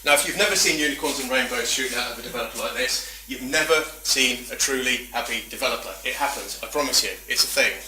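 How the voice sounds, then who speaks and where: A man's voice: mid-range voice, bright, forceful tone, a little hiss or hum. A man giving a chatty, self-deprecating talk at a meetup, full of rambling asides. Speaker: conference speaker. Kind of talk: presentation talk. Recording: echoey room from far off.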